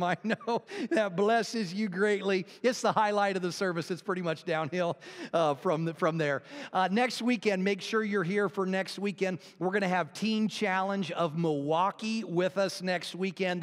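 A man's voice: on the high side, clean tone, in a large hall. A male pastor telling a folksy joke and making announcements before his sermon in a church. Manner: folksy storytelling, casual asides. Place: church sanctuary.

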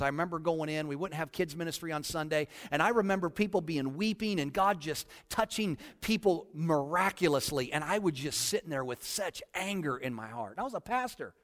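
Pastor preaching with long hall reverb. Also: male voice, on the high side. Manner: storytelling, swings from shouting prayers to hushed tearful confession. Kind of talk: sermon.

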